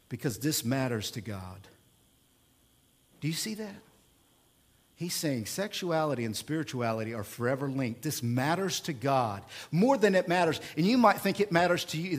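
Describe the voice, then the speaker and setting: A pastor with a slightly high voice preaches a sermon in a conversational yet emphatic style. He poses rhetorical questions and shifts between loud bursts and quiet asides.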